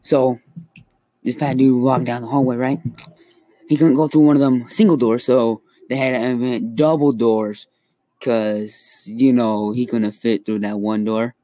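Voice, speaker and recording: A young man telling jokes in a halting, hesitant way, full of fillers. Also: medium pitch, steady tone, warm tone, no echo, poor audio. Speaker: joke teller. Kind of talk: casual joke telling.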